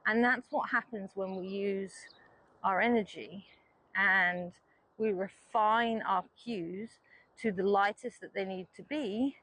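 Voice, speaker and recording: Calm woman riding instructor. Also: mid-range voice, slow pace, no room sound, poor audio. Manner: calm, patient explaining. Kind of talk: explanatory lesson while riding.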